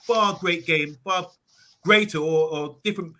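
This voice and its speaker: Bright-voiced man telling football stories. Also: a little high, unhurried. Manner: animated storytelling, quoting others in acted voices. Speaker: panelist on a football fan show. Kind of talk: live online football talk.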